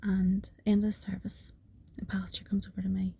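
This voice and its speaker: A woman tells her testimony with a deep, dark, raspy voice that often drops into a breathy half-whisper. Her delivery is earnest and emphatic, circling back on repeated phrases, with a gravelly fry at the bottom of her voice. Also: monotone, normal speed. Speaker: person giving a faith testimony. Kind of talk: personal testimony storytelling.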